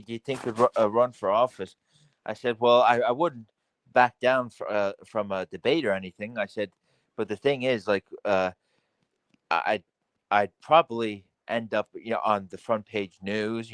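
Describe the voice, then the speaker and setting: A man's voice: on the low side, a bit bright, no echo. A man hosting a crude, casual podcast, often repeating himself and swearing a lot. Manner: stammering repeats, heavy swearing. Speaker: podcast host.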